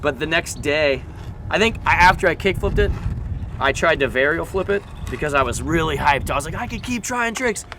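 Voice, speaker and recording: A young man from Southern California, a skateboarding vlogger telling stories in a chatty, animated way full of fillers. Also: on the high side, brisk, slight background noise. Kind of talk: casual storytelling vlog.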